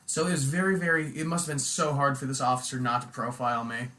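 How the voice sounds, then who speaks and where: A man in casual podcast chat, telling stories in a relaxed way full of "like" and "you know". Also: mid-range voice, fast talker. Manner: relaxed storytelling, loose with fillers like "like".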